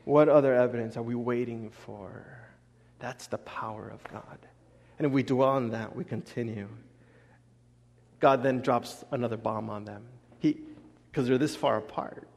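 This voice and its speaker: A man preaching a casual sermon as a pastor, animated, acting out voices and laughing often. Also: mid-range voice, normal speed, vocal fry. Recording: long echo of a large hall.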